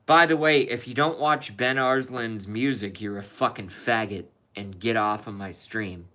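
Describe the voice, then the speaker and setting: A man's voice: fairly low pitch, measured pace, pushed and bright. A man streaming a rambling, profane rant in a casual monologue, emphatic and cursing freely.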